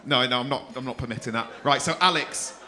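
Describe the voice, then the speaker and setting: A man's voice: medium pitch, brisk, sharp tone, a little hiss or hum. A man hosting a comedy club night, swearing freely and teasing audience members. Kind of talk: stand-up crowd work.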